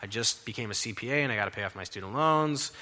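A man's voice: fairly low pitch, expressive, fast, bright, forceful tone, voice pushed down. A man voicing a worried young male money manager who talks in a fretful, pleading way. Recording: long hall reverb.

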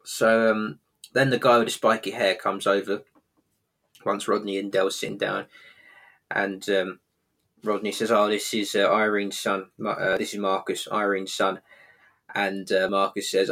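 Guy, lowish voice, rambling thru a tv plot recap with lots of ums and uhs. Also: little pitch movement, fairly bright tone. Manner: rambling, halting, lots of fillers. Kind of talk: casual retelling of a TV episode.

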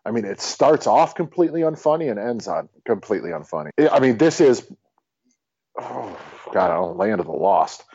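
A man co-hosts a casual movie review podcast, his voice brisk, gravelly and slightly breathy. He's blunt, animated and exasperated, swearing freely, and the dry low-fi mic sounds dull with no room sound.

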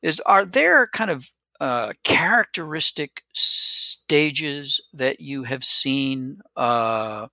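A man's voice: medium pitch, sharp tone, dry recording. A man co-hosting an interview, asking thoughtful questions with many fillers. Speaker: co-host.

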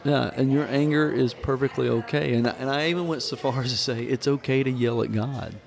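A man's voice: medium pitch, a little fast, vocal fry. A man who was once a minister, talking earnestly and telling stories in a candid conversation about grief. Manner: storytelling, earnest, preacherly. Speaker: podcast host, former minister.

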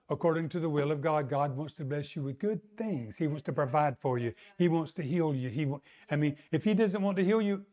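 A male preacher with a high voice gives a sermon. He talks conversationally and keeps calling out to the congregation for a response. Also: a little mellow. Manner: conversational, calls for audience response.

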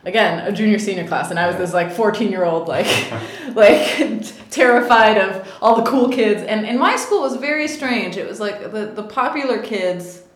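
An actress in her thirties is interviewed and tells stories casually, chatting with lots of laughs and fillers. Her voice is medium-pitched at a normal speed, and the recording sounds echoey with a little hiss or hum.

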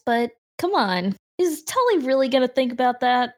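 A woman's voice: high voice, very animated, normal speed. A woman playing a tabletop game, giggly and playful. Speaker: player. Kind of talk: casual tabletop play.

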